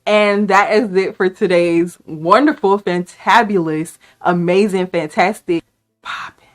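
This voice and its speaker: A woman vlogger talking casually to camera in a playful, excitable way, hyping herself up. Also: fairly low pitch, a little slow. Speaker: beauty vlogger.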